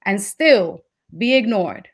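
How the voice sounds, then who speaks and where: A woman's voice: medium pitch, lively intonation, slow. A woman performing a spoken word poem with rhythmic, building repetition. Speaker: poet.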